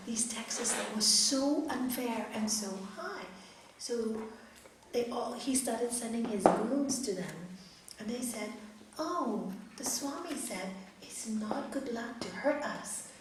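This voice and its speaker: A woman's voice: a little high, recorded from a distance, background noise. Woman teacher in an echoey hall. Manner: animated storytelling, acts out voices. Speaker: yoga teacher. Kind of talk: spiritual talk to a group.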